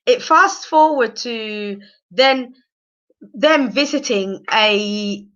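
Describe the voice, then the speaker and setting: A woman recapping a reality show on a casual live stream, animated and opinionated, rambling with fillers. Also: a little high, very slow, dull audio.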